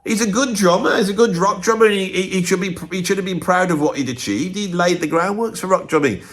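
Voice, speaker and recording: A man with a high voice talks quickly in his own video, where he's a drummer giving a casual, opinionated monologue. He's blunt and rambling, sometimes arguing with himself.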